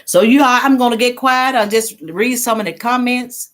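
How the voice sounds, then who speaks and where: A woman's voice: on the high side, moderate pace. A middle-aged woman hosting a casual livestream, chatting with viewers and reading their comments. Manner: chatty, laughs easily, reads comments aloud. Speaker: livestream host. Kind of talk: casual live chat with viewers.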